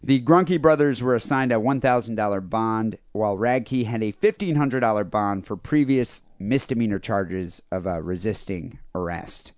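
A man's voice: fairly low pitch, normal speed, few pauses, no echo. A man co-hosting a comedy podcast, retelling a news story in crude, joking casual chat with plenty of fillers. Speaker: podcast co-host.

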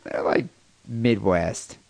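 A man co-hosting a comedy podcast, trading animated, jokey banter in a casual chat. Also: on the low side, slow pace, vocal fry, no echo. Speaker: podcast co-host.

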